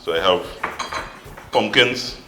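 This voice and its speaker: Trini guy hosting a cooking show, deep voice, echoey room, bit of music behind. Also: slow. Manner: lively, chatty, laughs easily. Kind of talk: casual cooking chat.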